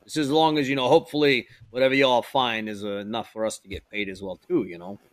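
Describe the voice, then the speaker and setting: A man voicing a gruff one-handed sailor who talks bluntly and casually. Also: mid-range voice, steady tone, quick pace, no room sound, lightly acted. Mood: reassuring.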